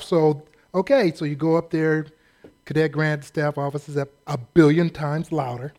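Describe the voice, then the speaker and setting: A man preaching a sermon as a humorous personal story, self-deprecating and acting out shouted drill-staff voices. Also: a little high, steady tone, normal speed. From California, US.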